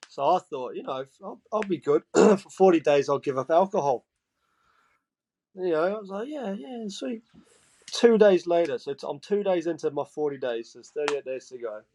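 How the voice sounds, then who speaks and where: Lively Geordie man telling stories. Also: on the high side, brisk, hardly any pauses. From England. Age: 20s. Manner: animated, laughing, acts out quoted voices. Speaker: guest. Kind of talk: casual storytelling chat.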